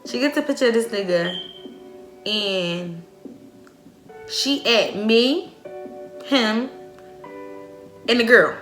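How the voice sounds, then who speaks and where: Dramatic, high bright-voiced young woman. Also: slow pace, pauses often, faint music behind. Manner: dramatic, animated storyteller; profane, slangy. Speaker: vlogger. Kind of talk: casual storytime. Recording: echoey room.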